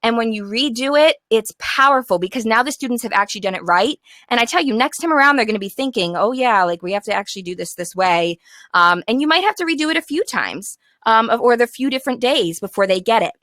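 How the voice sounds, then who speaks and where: A woman's voice: a little high, animated, fast talker, few pauses, fairly bright tone, no room sound. A young woman giving encouraging classroom management tips to fellow teachers, sometimes acting out the instructions she gives her class. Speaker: teacher trainer.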